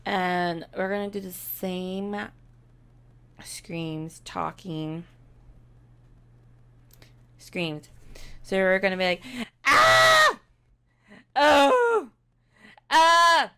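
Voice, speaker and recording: Slow-talking woman with a gravelly fry. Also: fairly low pitch, flat delivery. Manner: chatty and unhurried, with loud test screams. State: voice cracking from screaming. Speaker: streamer testing a microphone. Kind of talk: casual vlog talk to camera. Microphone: desk USB microphone with pop filter.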